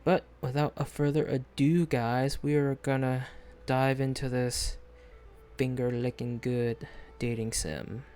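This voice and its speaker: A man's voice: medium pitch, little pitch movement, a little slow, darkish tone, clear, resonant tone, faint music behind. Rambling young-sounding man streaming a game. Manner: rambling, hesitant, many fillers and restarts. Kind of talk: casual live-stream chat.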